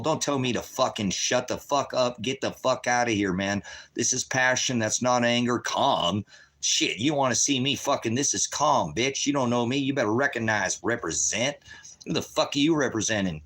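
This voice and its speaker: A man, a father and host, ranting angrily with heavy profanity and sudden rises in pitch. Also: a bit bright. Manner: profane, heated, rapid shifts in pitch. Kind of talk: angry livestream rant.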